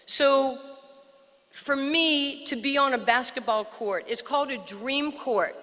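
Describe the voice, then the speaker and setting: Older new york woman, bright lively storyteller, long echo from the PA. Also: a little high. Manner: animated storyteller, acts out quotes. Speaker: guest speaker. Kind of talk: storytelling speech. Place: outdoor park dedication.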